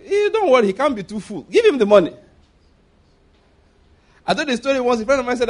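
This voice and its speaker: A man preaching a sermon, lively and laughing often as he acts out voices. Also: very high-pitched, brisk, long pauses.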